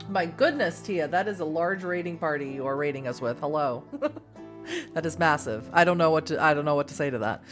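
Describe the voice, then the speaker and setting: A woman's voice: low voice, fairly quick, soft background music. Giggly woman streaming a text game. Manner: giggly, self-mocking asides. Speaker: streamer reading an interactive novel. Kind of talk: playful live-stream narration.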